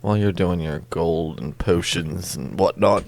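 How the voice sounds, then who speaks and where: A podcast co-host with a low, darkish voice talks at a measured pace, chatting casually over a game being played. He's dry, joking and prone to tangents.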